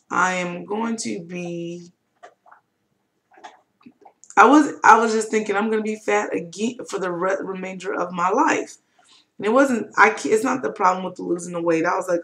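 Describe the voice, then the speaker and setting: A woman's voice: medium pitch, creaky, fairly bright tone, a little hiss or hum. A young adult woman telling a personal story on her webcam vlog, candid and emotional, with lots of fillers. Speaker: vlogger. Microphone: webcam mic.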